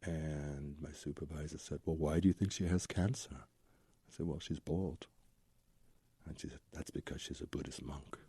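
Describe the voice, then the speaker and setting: A man's voice: very deep voice, steady tone, moderate pace, dark tone, breathy edge, no room sound. A man, a Zen Buddhist teacher, telling his own story as an interview guest in a candid, rambling way with tumbling lists of memories.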